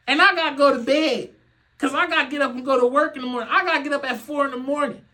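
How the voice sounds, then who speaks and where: A young man hosting a podcast, ranting in a loose comedic way. He laughs often, swears freely and swings from loud outbursts to low muttering. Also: rough recording. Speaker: podcast host. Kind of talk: casual comedic rant.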